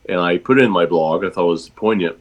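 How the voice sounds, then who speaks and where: A man chatting casually as a regular guest, talking in a halting, self-deprecating way. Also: low-pitched, muffled recording. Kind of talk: casual chat.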